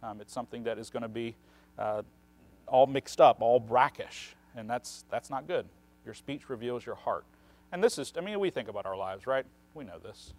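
A man gives conversational Bible teaching at a middle pitch for a man. He explains at length in an unhurried way. He keeps checking in with his listeners through a questioning "right?". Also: lively intonation, a little mellow.

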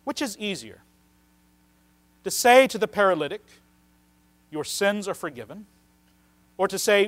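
High-voiced preacher, earnest and emphatic. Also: male voice, sing-song. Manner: earnest preaching with slowed emphatic phrases and wide swings in loudness. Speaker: pastor. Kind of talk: sermon.

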